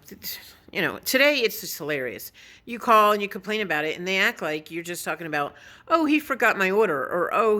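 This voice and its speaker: A woman's voice: medium pitch, pushed and bright. A woman vlogging casually, telling a story in a blunt, opinionated way and swearing now and then. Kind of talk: casual vlog monologue.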